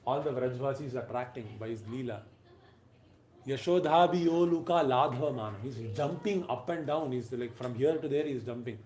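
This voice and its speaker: A man giving a devotional lecture, emphatic, swinging between loud and soft phrases and briefly chanting verses. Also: medium pitch, normal speed, roomy sound.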